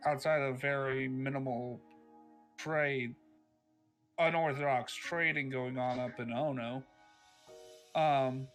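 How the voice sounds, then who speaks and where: A man's voice: on the high side, a bit bright. A man playing a tabletop role-playing game who jokes and laughs often while describing his character. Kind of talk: casual role-play chat.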